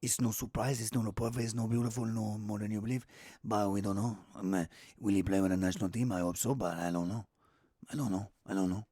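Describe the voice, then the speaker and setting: Man impersonating a football manager: deep, halting, murmured. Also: steady tone, no echo, clean studio sound, natural voice. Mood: unsure. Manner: halting, muttered, low and quiet. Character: middle-aged male football manager, hesitant.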